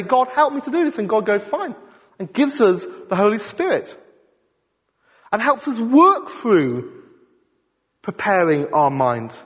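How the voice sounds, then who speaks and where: A man preaching a sermon in an animated, conversational way, often asking his congregation questions. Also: high-pitched, breathy edge. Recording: dull sound in a reverberant hall.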